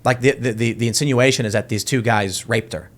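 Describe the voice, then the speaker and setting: A man's voice: mid-range voice, fairly even intonation, brisk. A man hosting a casual panel podcast, retelling a TV scene in a loose, rambling way with many restarts. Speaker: podcast host.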